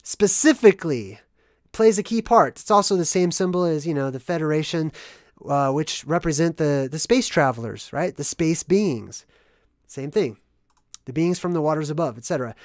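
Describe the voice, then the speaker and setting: A video host rambling through a casual monologue about hidden movie meanings, tagging nearly every point with "right?" and swinging between loud bursts and quiet asides. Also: mid-range voice, lively intonation, normal speed, no echo, studio quality. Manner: rambling, constant "right?" tag questions. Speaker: movie analysis vlogger.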